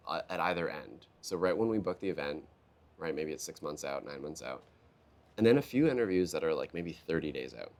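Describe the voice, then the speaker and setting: A man, a keynote speaker, talking in a conversational interview, telling stories and acting out quotes in a raised voice. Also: rumbling low. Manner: animated storyteller, acts out quotes in a raised voice. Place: live event booth.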